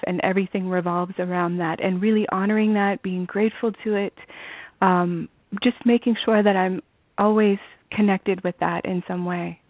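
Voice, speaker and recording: A woman's voice: medium pitch, no echo. A woman interviewed as a student guest, talking earnestly and laughing readily, over a dry, tinny phone line.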